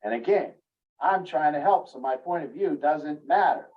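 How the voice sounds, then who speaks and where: A man's voice: expressive, normal speed, recorded from a distance, lo-fi sound. A man giving a teaching talk to parents about relationships, speaking earnestly and acting out what a parent might say. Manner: earnest, acts out parents' inner voices in a raised pitch. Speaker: family recovery coach.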